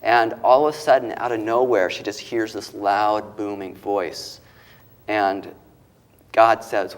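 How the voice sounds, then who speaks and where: Male guest, lowish voice, emotional storyteller who voices the people he quotes. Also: steady tone, takes it slowly. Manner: retells stories with quoted voices, gets choked up. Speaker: author and guest.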